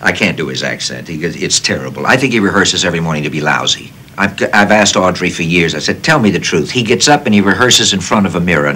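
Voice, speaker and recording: A man in his sixties from the United States, an actor guest telling stories in an animated, self-deprecating interview style. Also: fairly low pitch, a little hiss or hum. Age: 60s. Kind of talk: casual interview storytelling.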